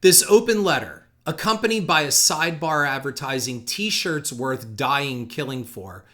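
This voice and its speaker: A man's voice: medium pitch, bright, forceful tone. A man hosting a podcast, reading out insulting quotes with sardonic emphasis and commentary. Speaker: podcast host.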